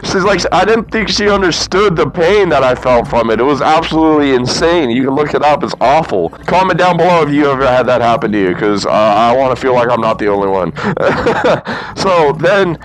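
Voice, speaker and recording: A man's voice: fairly high pitch, animated, fairly quick, a bit bright, a little hiss or hum, low-quality recording. A young man who tells a long story to camera in a loose, rambling way. He often laughs and acts out what he and others said. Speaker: motovlogger.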